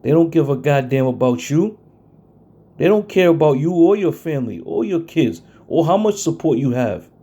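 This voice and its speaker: Blunt, confrontational preacher man, dark-toned. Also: fairly high pitch, lively intonation, slightly rough. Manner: confrontational, blunt, reads verses slowly and stresses them. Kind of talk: scripture-based sermon.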